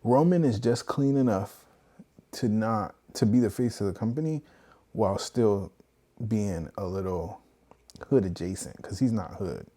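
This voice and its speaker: A man holds forth in a loose, animated rant on a live stream. His voice sits low and mellow, and he keeps breaking into mocking impressions when he quotes other people. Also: husky. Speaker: streamer host. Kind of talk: casual wrestling commentary on a live stream.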